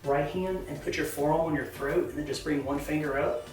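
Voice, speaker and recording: A woman's voice: deep voice, fairly even intonation, a little fast, a little mellow. Chatty Southern woman directing a photo shoot. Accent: Southern American. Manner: upbeat, chatty coaching with many fillers. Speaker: boudoir photographer. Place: indoor photo studio, roomy. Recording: echoey room, mic far off, faint music.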